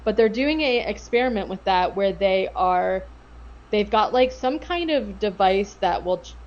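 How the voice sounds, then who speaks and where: A woman's voice: mid-range voice, animated, unhurried. Rambling woman podcaster, slightly lo-fi. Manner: rambling, lots of filler words and swearing. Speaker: podcast co-host. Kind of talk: casual chat recapping a TV episode.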